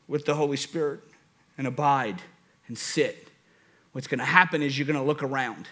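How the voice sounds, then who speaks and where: A man with a New Orleans accent preaching an impassioned sermon that swings from near-shouts to soft tones. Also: fairly high pitch.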